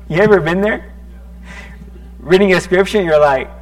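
A man preaching a sermon in a conversational, animated way, often restarting his words and joking at his own expense. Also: high-pitched, slow pace, long pauses, soft background music. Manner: conversational, self-deprecating, animated with stuttering restarts. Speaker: pastor.

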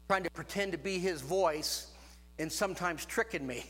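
A man's voice: high voice, expressive, measured pace, pauses often, a bit bright. A man preaching a sermon to a congregation, stretching phrases for emphasis and punctuating them with amens. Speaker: pastor. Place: church room with congregation.

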